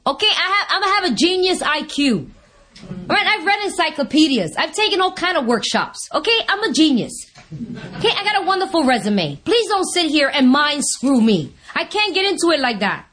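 A woman speaking at a recovery meeting, giving a humorous testimony and acting out the voices of people she quotes. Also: very high voice. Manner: lively, animated, acts out voices and laughs often.

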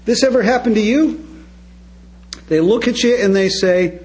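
A man's voice: high-pitched, normal speed, a little mellow, poor audio. A man speaking at a recovery meeting, telling his story to the audience with wry, comic timing and frequent direct asides to them.

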